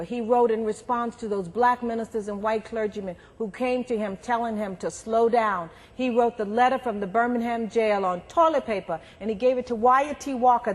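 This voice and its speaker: Animated woman storyteller in a reverberant hall. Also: fairly high pitch. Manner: animated, acts out quoted voices. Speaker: guest speaker. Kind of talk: storytelling lecture. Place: university lecture hall.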